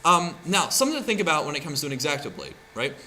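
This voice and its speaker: Lively, bright-voiced man teaching a craft. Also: on the high side, quick pace, a little hiss or hum. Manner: chatty, keeps asking "right?". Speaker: art teacher. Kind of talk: classroom tutorial demonstration.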